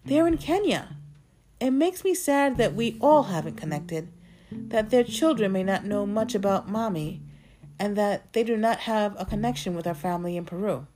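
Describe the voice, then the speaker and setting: A woman narrating a personal story in a gentle, earnest, reflective way. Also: mid-range voice, expressive, normal speed, music in the background.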